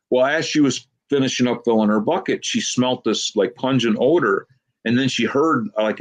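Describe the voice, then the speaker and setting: Low-voiced man telling rambling stories. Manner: rambling anecdotal storytelling with many "she goes" quotes. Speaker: Bigfoot investigator guest. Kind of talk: casual storytelling interview.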